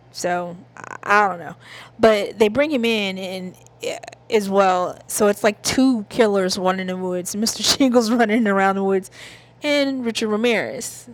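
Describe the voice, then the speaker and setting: Chatty Southern woman host, loose and giggly TV recap. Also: mid-range voice. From American South. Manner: chatty, giggly, rambling asides. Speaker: TV review host. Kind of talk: casual chat.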